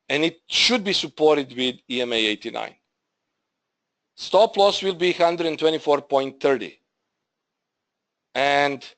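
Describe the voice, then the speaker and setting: Slow-talking man presenting a trading webinar. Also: a little high, fairly bright tone. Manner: halting, repeats himself, addresses viewers as "guys". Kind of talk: live trading webinar walkthrough.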